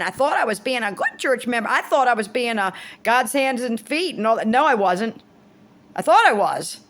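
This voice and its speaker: A woman in her fifties talking casually to camera, rambling and blunt, swearing freely and restarting her sentences. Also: mid-range voice. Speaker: vlogger.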